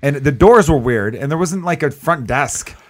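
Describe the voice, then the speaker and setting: A man's voice: on the high side, lively intonation, moderate pace. A young adult man hosting a podcast, telling a rambling story with profanity and acting out the people in it. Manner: acts out quoted voices. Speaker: podcast host. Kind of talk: casual chat.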